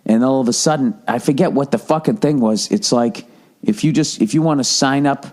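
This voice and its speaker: A man in his forties talks straight into the mic, swearing freely as he rants through a story. His voice sits at an ordinary middle pitch, and he piles up frustration line after line in a loose, conversational ramble. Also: brisk, darkish tone. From Massachusetts. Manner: profane, exasperated storytelling. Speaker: podcast host. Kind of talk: casual monologue.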